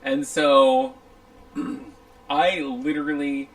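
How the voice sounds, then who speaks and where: A woman's voice: low-pitched, big pitch swings, extremely slow, rough recording. A middle-aged woman co-hosting a casual podcast, swearing freely and telling stories with animation. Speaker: podcast co-host. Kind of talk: casual chat. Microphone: studio microphone.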